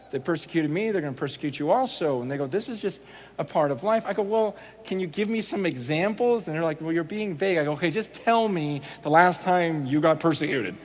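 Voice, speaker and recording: A man preaching a sermon, telling stories in an animated, conversational way and quoting other people as he goes. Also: on the high side, a little fast, a little hiss or hum. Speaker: pastor. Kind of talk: sermon storytelling.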